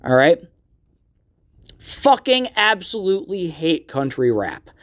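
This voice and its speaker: A man's voice: on the high side, sing-song, slow, fairly bright tone. A young man hosting a podcast, ranting in a casual, profane monologue full of fillers. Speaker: podcast host.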